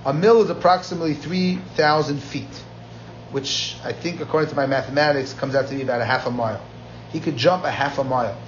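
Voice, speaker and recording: A man's voice: mid-range voice, brisk, lo-fi sound, slight background noise. A man teaching a Talmud class, telling the story with energy and switching between Aramaic quotes and plain English. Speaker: Talmud lecturer.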